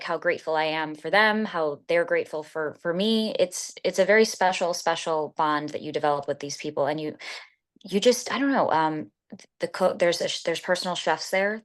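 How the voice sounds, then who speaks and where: A woman giving a casual interview testimonial as a retreat guest, rambling with lots of fillers and restarts. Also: on the low side.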